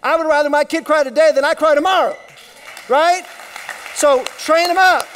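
A man preaching a sermon, retelling a story and dropping his voice to a hush for emphasis. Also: extremely high pitch, moderate pace, slight background noise. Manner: storytelling with sudden drops to a hush. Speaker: pastor.

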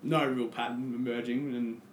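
A man's voice: mid-range voice, little pitch movement, moderate pace, echoey room, a little hiss or hum. An Australian man, a podcast guest, telling a story in casual chat and acting out his own past lines.

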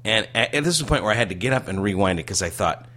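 A man co-hosting a podcast. His bright voice swings widely in pitch as he tells a story with lots of energy, then banters back and forth with his partner. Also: fast talker. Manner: animated storyteller who laughs while telling it. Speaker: podcast co-host.

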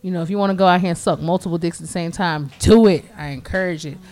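A woman's voice: on the low side, quick pace, a little mellow. A woman co-hosting a casual podcast, blunt and playful, laughing often. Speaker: podcast co-host.

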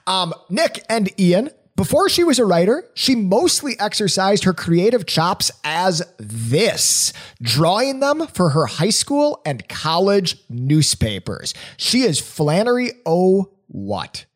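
A man's voice: high-pitched, sing-song, takes it slowly. A man hosting a quiz game on a casual podcast, reading clues playfully and laughing through them.

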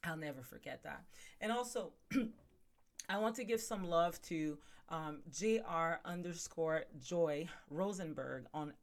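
A woman's voice: lowish voice, slow. A woman hosting a podcast in casual chat, talking to her viewers as "guys" with plenty of ums and asides. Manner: chatty, addresses viewers as guys, many fillers. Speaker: podcast host.

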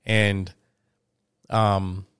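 A man's voice: lowish voice, little pitch movement, very slow, a bit bright, smooth, dry recording, clean studio sound. A man telling a story in casual chat, rambling with fillers and restarts.

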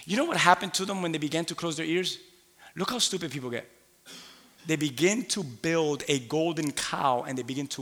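A man preaching a sermon in a church, animated, laughing, and rising to shouts. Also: a little high. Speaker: pastor. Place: church sanctuary. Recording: long hall reverb.

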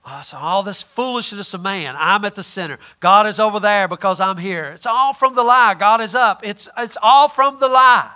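A man preaching a folksy, emphatic sermon, swinging between loud points and quiet asides. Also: high-pitched, moderate pace, hardly any pauses.

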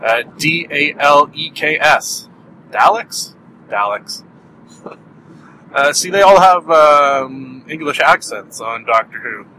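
A man's voice: fairly high pitch, takes it slowly, bright, forceful tone, slight background noise, low-quality recording. A Canadian man hosting a podcast, rambling through a solo review chat and laughing at his own jokes. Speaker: podcast host.

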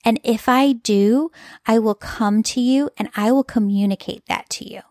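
A woman's voice: fairly high pitch, normal speed, darkish tone, no room sound, clean studio sound. A woman telling an emotional personal story as a mother in an earnest, heartfelt, confessional way.

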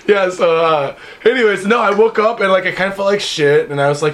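A man's voice: high voice, a little fast, a bit bright. A man in his thirties co-hosting a podcast, telling a story in a loose, profane, casual way. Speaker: podcast co-host. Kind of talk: casual chat.

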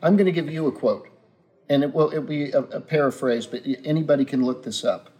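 A man's voice: on the high side, fairly quick, a little mellow. Earnest musing man as guest. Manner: earnest, musing, speaks in pronouncements. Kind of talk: casual unscripted interview.

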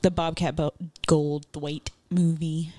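A woman's voice: sits low, little pitch movement, slow, mellow, no room sound. A woman in casual podcast chat, talking hesitantly with lots of fillers and restarts.

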